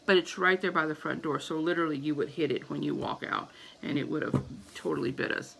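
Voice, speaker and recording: A woman's voice: deep voice, fairly even intonation, fast talker, creaky, a bit bright, slight background noise, rough recording. A woman in her thirties telling a story casually to camera as a vlogger, acting out her own panicked reactions.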